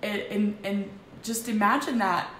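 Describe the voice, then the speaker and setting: A woman in her thirties speaks at home in a medium-pitched voice, halting and restarting as she confides. The room is echoey, with a faint hum of noise behind her. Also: fairly even intonation, a bit bright. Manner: halting, emotional, frequent restarts. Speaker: vlogger. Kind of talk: candid personal confession.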